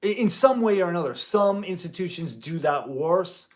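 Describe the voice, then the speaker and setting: A man's voice: high voice, lively intonation, moderate pace. A man hosting a guitar channel, talking casually and indignantly to the camera in a rambling way as a part-time music teacher.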